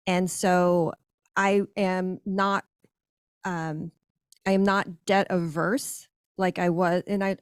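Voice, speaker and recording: A woman's voice: fairly low pitch, dry recording, studio quality. A woman on a podcast telling her business story in an emphatic, conversational way, with frequent self-corrections. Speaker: guest, granola business owner.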